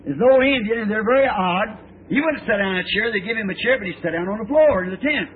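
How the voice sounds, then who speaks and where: A middle-aged male preacher in a sermon, telling folksy stories in a rambling, drawn-out way. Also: high voice, lively intonation, slight background noise. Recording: tinny, lo-fi old sermon tape.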